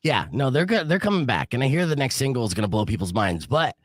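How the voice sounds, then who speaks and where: A man's voice: medium pitch, very animated, fast talker, dry recording, studio quality. A man from New Jersey hosting a radio morning show podcast, talking in a brash, casual way and swearing freely.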